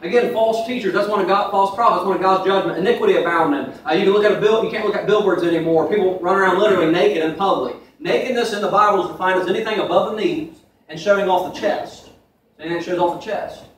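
Young man, high-voiced, rapid conversational preacher, recorded from afar in a very echoey church. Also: a little hiss or hum. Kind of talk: sermon. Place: church sanctuary. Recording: echoey room from far off.

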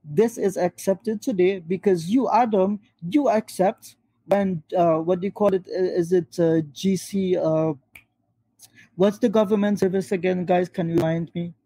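A man argues fast and insistently on a video call. His voice sits high in pitch, yet its tone is dark and husky. The sound is dry and close. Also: fairly even intonation, no echo, low-quality recording. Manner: rapid, pressing, addresses opponent by name. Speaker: Muslim panelist in a debate.

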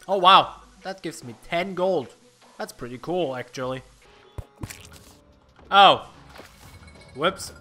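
A young man commenting on a video game he is playing. He is excitable, swears casually and thinks aloud as he goes. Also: high-pitched. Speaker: let's play host. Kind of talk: gameplay commentary.

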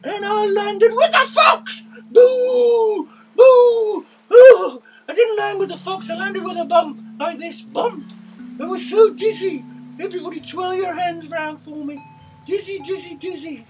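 A man voicing an excitable young male rabbit puppet who loves carrots and fears foxes, reading a children's story with sound effects and cheers. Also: normal speed, recorded from a distance, over music, low-quality recording. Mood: excited. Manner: squeaky, bouncy, full of sound effects and cheers.

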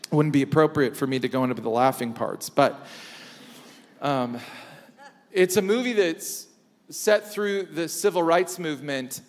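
High-voiced preacher in a reverberant church. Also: male voice. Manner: preaching with emphatic repetition and dramatic pauses. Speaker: pastor. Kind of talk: sermon. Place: large church hall.

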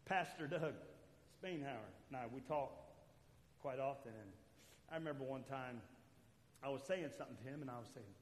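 A man preaching a sermon as pastor, swinging between loud calls to the church and quiet asides. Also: mid-range voice, normal speed, long pauses, a little hiss or hum. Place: church sanctuary. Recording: echoey church hall.

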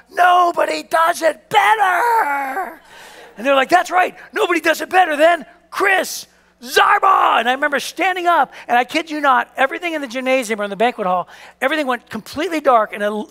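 A man in his fifties preaching a sermon as pastor, telling a story with lively acted-out voices. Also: very high-pitched, in a large hall. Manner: animated storytelling, acts out voices. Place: church hall.

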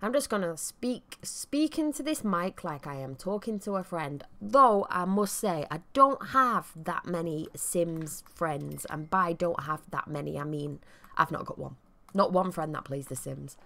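A woman's voice: on the low side, big pitch swings, measured pace, creaky, sharp tone. A woman with a Mancunian accent giving chatty, rambling gameplay commentary with self-deprecating asides. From Manchester, England. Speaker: let's play commentator.

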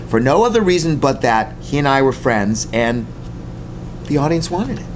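A man conductor telling an anecdote in an interview, emphatic and animated. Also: medium pitch, normal speed, a little hiss or hum. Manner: animated storyteller, emphatic repetition.

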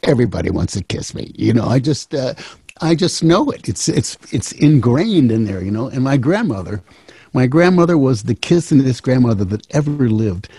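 A man in his seventies telling stories in a relaxed, wry way, full of small restarts. His voice is mellow and warm with a husky grain, sitting at an ordinary middle pitch. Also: moderate pace, no room sound. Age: 70s. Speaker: musician and storyteller. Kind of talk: casual storytelling.

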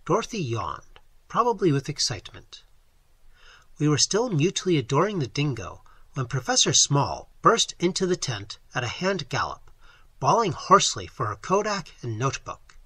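A man's voice: a little high, sing-song, normal speed, bright, forceful tone, husky, no echo. A man reading a story aloud as audiobook narrator, telling it expressively. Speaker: audiobook reader. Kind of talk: scripted narration.

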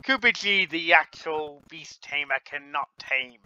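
A man voicing a boastful little male beast tamer who rides a giant lion, talking in a slow, pompous, drawn-out way. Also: a little high, lively intonation, pushed and bright, clean tone, dry recording, full character voice. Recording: dull lo-fi with faint hiss.

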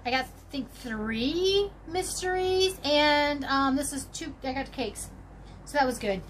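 A woman's voice: sits high, a little slow, fairly bright tone, a little hiss or hum. A woman hosting a casual crochet vlog, chatting to viewers in a bubbly, rambling way as she digs through a box. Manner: chatty, bubbly, talks to viewers while rummaging. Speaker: crochet channel host. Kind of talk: casual show-and-tell vlog.

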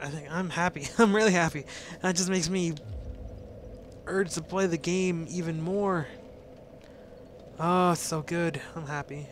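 A young man with a sore throat gives casual, chatty commentary as he plays a video game, jittery and quick to swear. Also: fairly high pitch, fairly bright tone, a little hiss or hum. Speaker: let's play host.

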